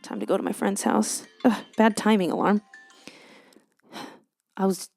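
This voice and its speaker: A young woman talks through a casual solo podcast, chatty and quick to poke fun at herself. Her voice carries a gravelly fry at the ends of phrases. The recording is dry and close, with no room sound. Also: mid-range voice, animated, darkish tone, dry recording, soft background music. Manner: chatty, self-mocking, slips into a joking Southern drawl when praying. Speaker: podcast host.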